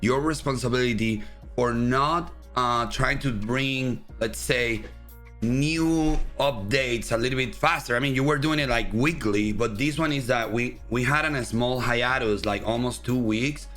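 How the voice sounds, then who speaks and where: A man's voice: mid-range voice, unhurried, fairly bright tone, soft background music. Spanish-accented man hosting a livestream. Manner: loose, chatty, full of fillers. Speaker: host. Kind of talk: casual livestream interview.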